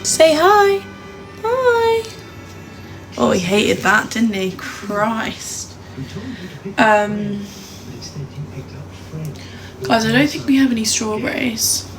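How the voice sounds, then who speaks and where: A young Englishwoman live-streams casually by phone from her home kitchen, cooing baby talk to her dog over music and loud crowd noise. Her medium-pitched voice is fairly even, slow and full of pauses, and the recording is low quality.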